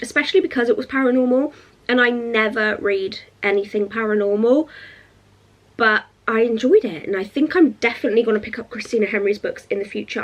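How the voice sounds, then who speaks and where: Chatty excitable young woman vlogger. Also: a little high. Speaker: book vlogger. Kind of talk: casual reading vlog.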